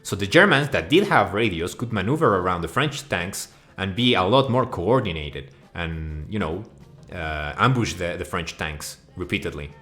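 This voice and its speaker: Man, very low voice, crude swearing rant, mock outrage, rambling. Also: animated, normal speed, a bit bright, soft background music. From Mexico. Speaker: video host. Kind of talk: profane comedic rant.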